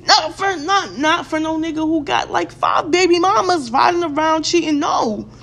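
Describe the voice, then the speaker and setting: A woman's voice: very high voice, moderate pace, creaky, fairly bright tone. A young woman ranting to her viewers in a blunt, profane, fired-up way, often repeating words for emphasis. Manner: fired-up, addresses viewers directly. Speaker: vlogger. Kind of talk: casual opinion rant to camera.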